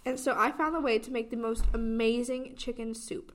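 A young woman co-hosting a podcast, telling a story in an animated way and laughing as she goes. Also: fairly high pitch, normal speed. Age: young adult. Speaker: podcast co-host. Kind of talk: casual chat.

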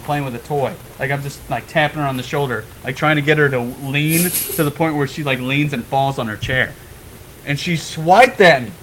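A young man on a podcast telling a story in a casual, animated way, swearing freely and laughing as he goes. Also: a little high, a little hiss or hum, low-quality recording. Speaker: podcast guest.

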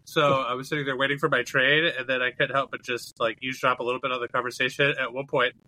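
A man co-hosting a podcast who tells stories in an animated, jokey way, swearing freely in casual chat. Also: medium pitch, fast talker, low-quality recording. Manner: animated storyteller, jokey and profane. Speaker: co-host.

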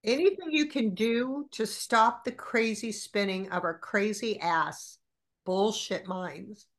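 Speaking slowly at a medium pitch, this fortysomething woman guests on a podcast. She's a candid, lively storyteller who swears freely.

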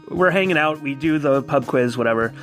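A man in his thirties from New York telling a casual, animated personal story and acting out quoted voices. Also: on the high side, measured pace, soft background music. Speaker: guest storyteller. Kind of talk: casual anecdote.

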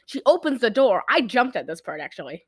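Speaking briskly in a fairly high, slightly rough voice, a young woman co-hosting a podcast recaps a film in casual chat. Her retelling rambles and stays animated, with the characters' quotes acted out, and there's no room sound.

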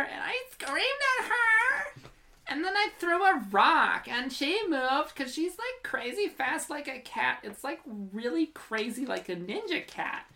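A woman's voice: sits high, bright, forceful tone, exaggerated voice. A woman voicing her dramatic, tearful little schoolgirl sister, reading a diary aloud in breathless, sobbing bursts.

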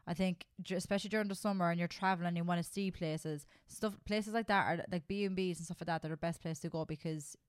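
Animated Irish woman co-hosting a chat podcast. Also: fairly low pitch, fast talker, few pauses, clean tone, dry recording, studio quality. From Ireland. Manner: animated, swears freely, laughs often. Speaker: podcast co-host. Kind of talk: casual chat.

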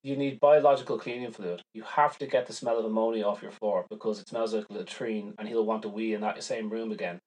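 A man co-hosting a veterinary podcast in casual chat, rambling and animated, often acting out quoted voices. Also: on the low side, quick pace, hardly any pauses, rough recording.

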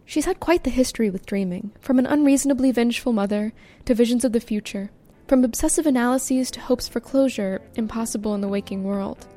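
A woman hosting a podcast, calmly reading scripted documentary narration. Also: fairly high pitch. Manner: calm, measured scene-setting. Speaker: podcast host.

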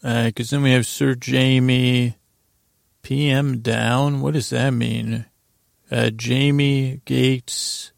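A man's voice: medium pitch, level tone, extremely slow, gravelly, no echo, studio quality. A man hosting a podcast, casually recapping a TV episode from his notes, rambling with frequent restarts. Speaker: podcast host.

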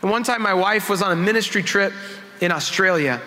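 A man's voice: sits high, a little fast, bright, forceful tone, in a large hall, slight background noise. A man, a worship pastor, giving a conversational sermon full of self-deprecating personal stories in a church sanctuary.

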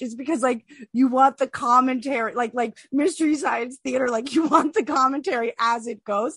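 Husky high-voiced woman podcast co-host. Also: fairly quick, few pauses, fairly bright tone, no room sound. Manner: rambling, profane, heavy use of "like". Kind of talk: casual chat.

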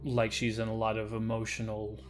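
A man's voice: lowish voice, monotone, a little fast, soft background music. A man narrating as game master in a tabletop game, with plain, descriptive narration.

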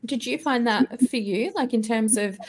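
A woman from Melbourne hosting a podcast interview, speaking reflectively with frequent pauses and fillers. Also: fairly high pitch, a little hiss or hum. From Melbourne, Australia. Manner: reflective, hesitant, many fillers. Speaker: podcast host.

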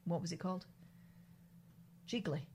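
A woman's voice: lowish voice, moderate pace, dark tone, a little hiss or hum. A woman co-hosting a podcast, reading out news stories and bickering dryly with her co-host. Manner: dry, sarcastic, bickering. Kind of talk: casual comedic chat.

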